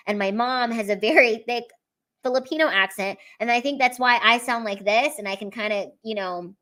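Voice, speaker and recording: Chatty, excitable American woman comedian. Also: medium pitch. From United States. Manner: chatty and excitable, laughs often, swears casually; trails off and restarts sentences mid-thought. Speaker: stand-up comedian. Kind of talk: casual livestream chat reading viewer comments.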